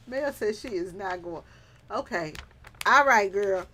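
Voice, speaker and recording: A woman vlogger with an expressive, mid-range voice and a sharp tone chats slowly on a livestream, with slight background noise. She teases her viewers playfully, drops Southern slang, and bursts into hard laughter.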